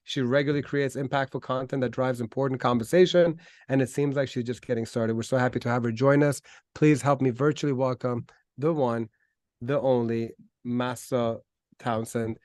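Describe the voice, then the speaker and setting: A man hosts an online talk show with enthusiasm, though he hesitates with frequent ums and restarts. His voice is medium-pitched and darkish, with fairly even intonation and a moderate pace. The recording is dry.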